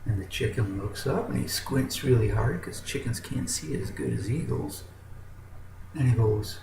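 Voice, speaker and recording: A man telling a fable with a moral as a motivational storyteller, slow and dramatic, with big swings in emphasis. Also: lowish voice, lively intonation, gravelly, dark tone, echoey room, a little hiss or hum, rough recording.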